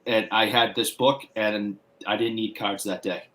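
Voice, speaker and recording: A man's voice: on the low side, steady tone, unhurried, bright, forceful tone. Male guest, Boston accent, meandering storyteller, casual livestream chat. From Massachusetts. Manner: rambling anecdotal storytelling with restarts.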